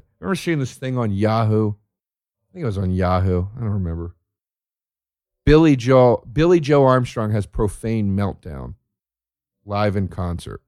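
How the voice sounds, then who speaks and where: A man's voice: on the low side, big pitch swings, normal speed, long pauses, darkish tone, no echo, clean studio sound. A man, a comedian, ranting with profanity, sarcasm and a stream of rhetorical questions.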